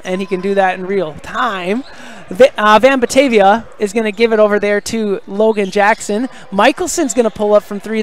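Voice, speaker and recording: Excitable high-pitched male basketball announcer. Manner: excitable, rising to shouts on big plays, with casual chatty asides. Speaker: play-by-play announcer for a high school basketball stream. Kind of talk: live play-by-play commentary. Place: high school gym.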